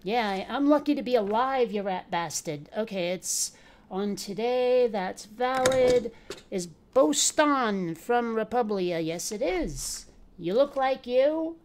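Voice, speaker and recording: A woman's voice: a little high, animated, takes it slowly, a little mellow, slight background noise. Sassy woman doing game commentary. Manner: playful, sassy banter with game characters. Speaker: let's play gamer.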